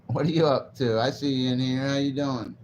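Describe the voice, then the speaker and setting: A man's voice: medium pitch, fairly even intonation, brisk, darkish tone. A man livestreaming while stoned, rambling and swearing casually as he answers his chat. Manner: rambling, profane, laid-back. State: stoned, zoned out. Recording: dull lo-fi stream audio with faint noise.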